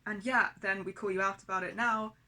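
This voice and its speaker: A woman's voice: mid-range voice, fairly even intonation, brisk, pushed and bright. A woman in an emotional personal vlog who talks angrily, swears heavily and speaks of herself as "we". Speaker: vlogger.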